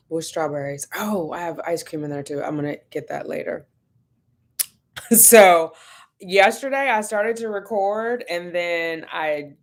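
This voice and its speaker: Brief: relaxed woman on a home livestream, slightly low pitch, chatty and easygoing, laughs easily. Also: gravelly. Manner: chatty and laid-back, laughs often, greets viewers by name. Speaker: vlogger hosting a livestream. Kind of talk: casual livestream chat greeting viewers.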